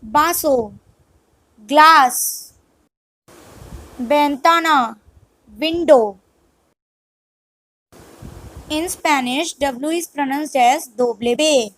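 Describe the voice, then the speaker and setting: A woman tutor reading a scripted vocabulary drill, one word at a time, slow and deliberate. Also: high voice, fairly bright tone, no room sound, poor audio. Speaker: language tutor.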